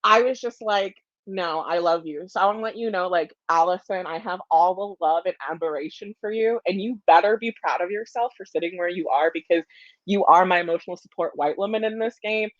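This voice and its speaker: A woman's voice: fairly low pitch, a little fast, dry recording, lo-fi sound. A woman juror giving an emotional farewell speech over a video call, effusive and laughing, cursing freely, a little stoned. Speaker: jury member.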